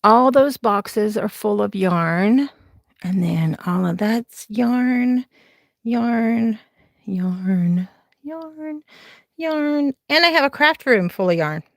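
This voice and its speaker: A woman's voice: mid-range voice, expressive, measured pace, gravelly. A chatty Southern woman in her forties hosts a late-night crafting livestream from home. She rambles along in an easy mid-range voice and laughs often. The sound is close and dry, with no room echo. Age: 40s. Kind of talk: casual live-stream chat.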